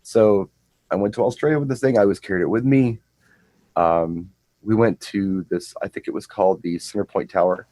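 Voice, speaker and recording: A middle-aged man with a low voice, chatting on a show. He rambles through an anecdote and trips over repeated words. The sound is close and dry. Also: a little fast, mellow, no echo, poor audio. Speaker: co-host and DJ. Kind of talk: casual chat, storytelling.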